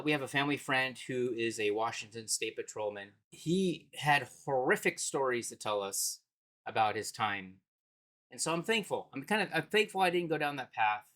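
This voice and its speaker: A man's voice: mid-range voice, fairly bright tone. A man in his thirties telling personal stories in a casual, reflective way, with bursts of laughter. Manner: conversational and reflective, breaks into laughter. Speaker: speaker sharing life stories.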